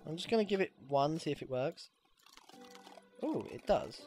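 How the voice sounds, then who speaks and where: A gamer giving casual, excitable gameplay commentary, swearing freely and squealing when things go well. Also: medium pitch, normal speed, pauses often, faint music behind. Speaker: let's play gamer.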